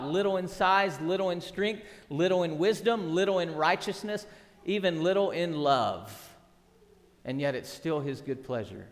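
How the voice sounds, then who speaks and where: A middle-aged man preaching a sermon as pastor, earnest and emphatic, with repeated words and rhetorical questions. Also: fairly high pitch. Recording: long hall reverb.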